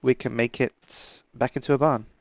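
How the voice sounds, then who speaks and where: A man's voice: medium pitch, fairly even intonation, moderate pace, creaky, no echo. A man co-hosting a casual gaming video, joking and bantering. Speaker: co-host Minecraft let's play. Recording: dry close mic with faint music.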